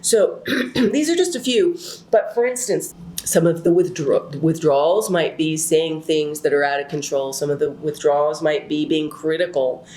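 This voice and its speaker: A woman's voice: low-pitched, normal speed. Chatty woman teaching in an echoey room. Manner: chatty, animated, many fillers and asides. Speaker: relationship class teacher. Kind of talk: casual teaching talk with personal stories.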